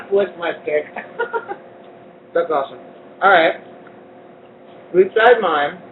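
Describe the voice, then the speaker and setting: A man with a high, bright voice hosts a casual live cooking segment in a community kitchen. He keeps things playful and jokey. The audio is tinny and narrow, like a phone line, with a faint rumble underneath. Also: expressive, drawn-out words. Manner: playful, jokey, laughs often. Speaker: cooking show host.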